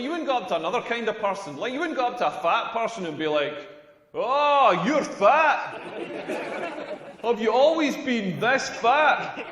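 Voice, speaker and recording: An actor playing a cocky stand-up comedian with a Scottish accent, delivering a sardonic, punchy set. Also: male voice, high voice, noisy background. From Scotland. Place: comedy club stage. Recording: echoey hall with long reverb.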